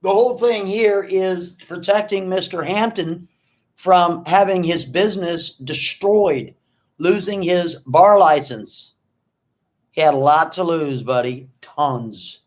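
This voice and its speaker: A man's voice: high-pitched, slow pace. A man hosting an online video, ranting at an absent rival in an accusing, mocking way and repeating himself often. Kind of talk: confrontational livestream rant.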